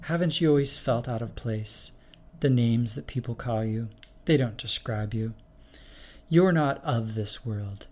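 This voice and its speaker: A man reading the part of a mysterious, otherworldly woman who speaks in a calm, matter-of-fact way. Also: mid-range voice, unhurried, natural voice. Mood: coaxing.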